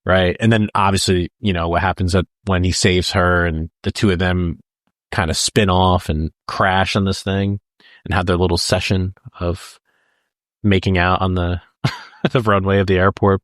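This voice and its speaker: A man's voice: low-pitched, steady tone, normal speed, no echo, clean studio sound. A man co-hosting a podcast, talking casually about a film, laughing often and jumping into quoted lines. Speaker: podcast co-host.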